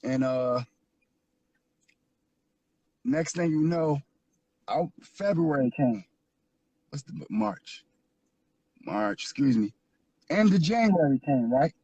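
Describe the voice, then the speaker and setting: A man's voice: a little high, expressive, slow pace, pauses often, dark tone, husky, no room sound, dull audio. A man from Philadelphia telling his life story as an interview guest, earnest and repetitive, building into preaching. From Philadelphia, USA. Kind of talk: emotional personal testimony.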